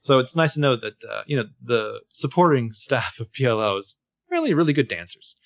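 A man's voice: medium pitch, sing-song, brisk, dry recording. A man co-hosting a casual podcast, narrating the plot of an episode with wry jokes. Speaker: podcast co-host. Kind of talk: casual recap chat.

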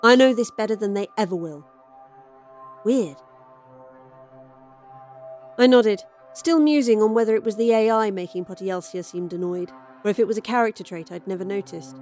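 A woman's voice: medium pitch, moderate pace, pauses often, a little mellow, faint music behind. A woman reading a first-person sci-fi horror story aloud as storyteller, in a wry, dry tone. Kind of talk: scripted horror story narration.

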